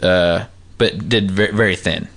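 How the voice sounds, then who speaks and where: A man's voice: low voice, a little slow, fairly bright tone. A young man co-hosting a casual podcast chat, laughing often and slipping into impressions.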